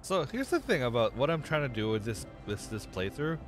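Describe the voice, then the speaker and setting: This young male streamer speaks fairly quickly in a mid-range, sing-song voice while casually narrating his video game. He rambles, corrects himself and gets distracted, and game music can be heard underneath.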